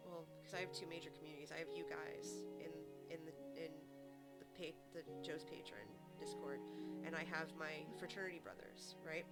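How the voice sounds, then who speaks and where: A woman's voice: sits low, fairly quick. Chatty woman streamer over background music. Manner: chatty, animated storytelling. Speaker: game streamer. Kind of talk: casual chat. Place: home streaming setup.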